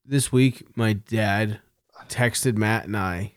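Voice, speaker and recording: A man's voice: on the low side, takes it slowly, clean tone, no echo, clean studio sound. A young man co-hosting a casual chat show, swearing freely and laughing through his stories. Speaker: podcast co-host.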